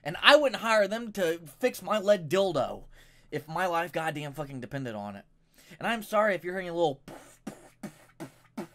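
Brief: ranting vlogger, foul-mouthed and fed up, pitch leaping all over, mic a bit distant. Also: big pitch swings, moderate pace, pauses often, sharp tone. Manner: profane, exasperated, rambling. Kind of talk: angry ranting commentary. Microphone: microphone a little way off.

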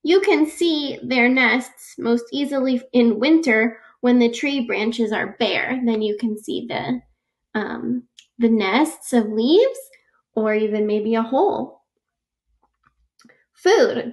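A woman's voice: fairly high pitch, animated, slow. A woman reading a children's picture book aloud, patiently explaining facts and adding personal asides. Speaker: read-aloud reader.

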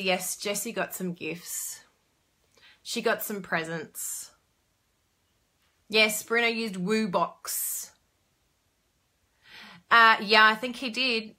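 A woman hosting a casual live crafting stream, chatting warmly and reading viewer comments aloud with frequent laughs. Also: medium pitch. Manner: frequent laughs and excited exclamations.

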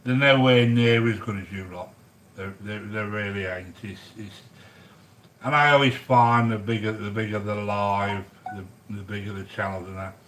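A middle-aged man chats casually with livestream viewers as he cooks a curry, friendly and matey, calling them sweetheart. His voice is lowish and a bit bright, with a steady tone and moderate pace, though the recording is rough.

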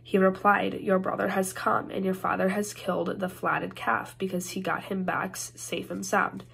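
Gravelly-voiced woman reading scripture. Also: medium pitch, level tone, moderate pace, a bit bright, slight background noise. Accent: Upper Midwest American. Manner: careful reading with frequent slips and restarts. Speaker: scripture reader. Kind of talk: reading scripture aloud in worship.

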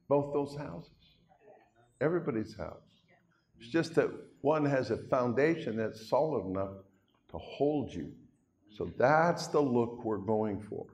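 The speaker is an older Canadian pastor giving a folksy, conversational sermon in a church hall, making asides to the congregation. He has an animated, mid-range voice with a darkish tone and a measured pace, and the hall's reverb lingers long.

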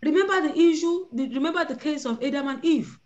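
A woman's voice: high-pitched, expressive, quick pace, dull audio. A woman leading a prayer call, preaching and acting out the voices of Bible figures. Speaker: prayer leader. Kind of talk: sermon on a prayer line.

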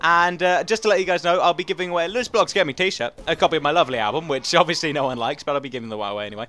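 A young man with an English accent giving casual, rambling commentary over a game, excitable and laughing often. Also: a little high, racing, few pauses. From England. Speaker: gaming commentator.

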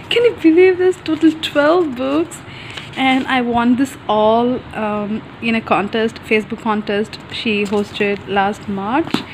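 High-voiced woman gushing in a vlog. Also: slight background noise, poor audio. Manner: gushing, breathless, on the verge of tears. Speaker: vlogger. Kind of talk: excited unboxing vlog.

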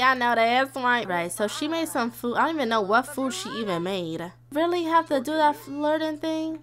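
A young woman streams casual Let's Play commentary on a life-sim game, speaking straight to her viewers in a chatty, dramatic way with squeals and laughs. Her voice sits high and is animated and a bit bright, at normal speed with hardly any pauses.

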